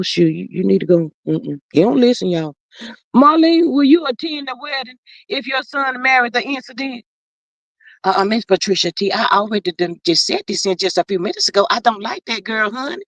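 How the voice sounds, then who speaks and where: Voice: mid-range voice, fairly bright tone, dry recording. A performer voicing a defensive, folksy older mother who rambles and calls everyone honey, chatting in character on a livestream. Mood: fretful. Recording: slightly muffled dry livestream audio.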